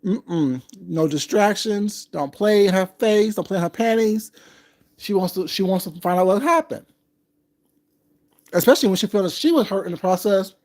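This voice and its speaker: A man chats with his livestream viewers in a sassy, drawling style, calling them baby. His delivery is loose, casual, and unhurried. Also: high voice, animated, darkish tone. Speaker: livestream commentator.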